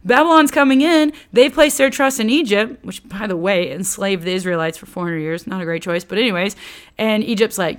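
A woman teaching on scripture, animated and chatty, her voice sitting at a middle pitch for a woman. She slips into quoted voices and casual slang, then slows down to stress a point. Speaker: Bible teacher.

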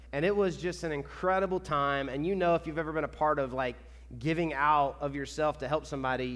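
Before the sermon, an enthusiastic pastor from Kentucky runs through church announcements in a chatty, excitable way. His fairly high male voice echoes around the large, reverberant sanctuary.

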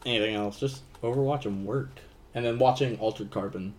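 A man's voice: medium pitch, brisk, darkish tone, slight background noise. Rambling young man swearing in casual chat. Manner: rambling, swears freely, acts out quotes. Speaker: podcast co-host.

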